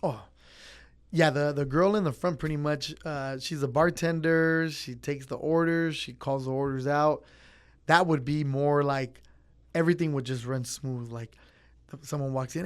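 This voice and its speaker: A man's voice: fairly high pitch, fairly even intonation, normal speed, clean tone. A young man in the service trade, talking casually in an interview and acting out chats with customers. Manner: easygoing, acts out customer chats. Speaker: pizza place worker.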